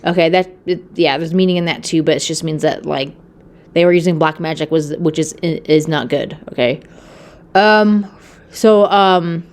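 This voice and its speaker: A woman casually retelling a Bible story on her channel. She rambles, with lots of fillers and a tag question of "okay?". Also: on the low side. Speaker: Bible video host.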